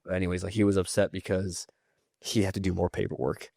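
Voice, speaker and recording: A young man in his twenties shares memories with his wife on a faith podcast. He talks in an easygoing way and laughs between his stories. His voice is fairly low and sounds close and dry. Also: level tone, fast talker, vocal fry, a little mellow, dry recording. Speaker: podcast co-host. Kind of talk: casual faith conversation.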